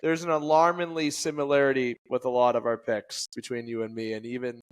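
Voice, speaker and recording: A man's voice: mid-range voice, flat delivery, brisk, clean tone. Canadian podcast co-host, man, loose rambling delivery, mid voice. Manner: rambling, trips over words, laughs at himself. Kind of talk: casual chat.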